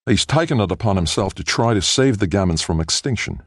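Man playing cheerful team-head anthropologist, brisk, meddling, audiobook, dry close recording. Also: fairly low pitch, expressive, no room sound, pitched above the performer's own voice. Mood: knowing.

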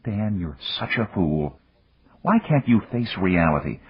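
A man's voice: deep voice, sing-song, unhurried, slightly rough, no echo, full character voice. A man voicing a composed, insistent woman president in an audiobook, raising his voice into a lighter register. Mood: firm. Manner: firm, insistent, lecturing. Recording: dull lo-fi audiobook recording.

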